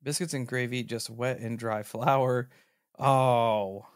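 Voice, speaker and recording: A man hosting a podcast in casual chat, teasing and incredulous, with lots of animated reactions. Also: mid-range voice, slow, no echo, studio quality. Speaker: podcast host.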